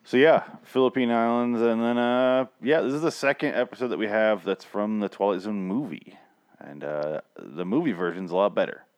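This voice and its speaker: A man's voice: lowish voice, moderate pace. A man co-hosting a podcast in casual chat, joking and swearing freely. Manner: joking, profane, animated. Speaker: podcast co-host.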